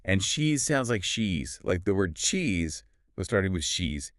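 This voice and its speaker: A man's voice: sits low, big pitch swings, unhurried, fairly bright tone, no room sound, clean studio sound. A man co-hosting a scripted English lesson, explaining pronunciation step by step. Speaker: English teacher co-host. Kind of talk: scripted language lesson dialogue.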